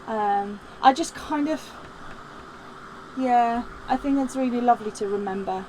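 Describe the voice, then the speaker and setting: A woman's voice: a little high, unhurried, warm tone, a little hiss or hum. A woman hosting a live craft demo, chatting in a rambling way with many ums and restarts, reading out viewer comments as she works. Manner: reads viewer comments aloud while working.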